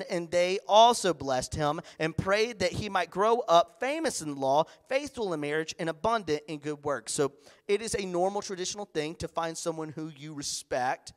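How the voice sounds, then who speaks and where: A man preaching a sermon as pastor in a church, animated, acting out the voices of others. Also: high voice.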